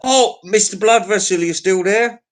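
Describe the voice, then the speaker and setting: Crude rambling man, slightly high voice. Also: moderate pace. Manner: crude, profane, jokey storytelling. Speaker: livestream host. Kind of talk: casual rambling chat to viewers.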